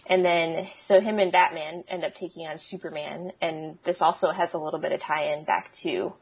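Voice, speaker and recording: A woman's voice: sits low, fairly even intonation, normal speed, slightly rough. A woman co-hosting a podcast, explaining in a casual, chatty way with frequent ums and small laughs. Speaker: podcast co-host. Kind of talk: casual chat.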